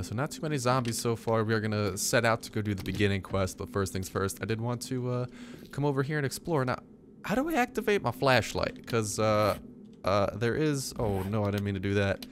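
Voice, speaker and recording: A man's voice: lowish voice, a little hiss or hum. Chatty young man narrating gameplay. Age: young adult. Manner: chatty, rambling, self-mocking. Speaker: gaming YouTuber. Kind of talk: casual let's-play commentary.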